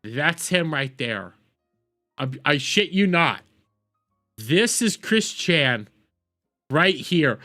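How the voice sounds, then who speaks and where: A man's voice: a little high, very animated, very slow, long pauses, bright, forceful tone, soft background music. A young man casually reacting to clips on a stream, crude and swearing, repeating his words as he goes.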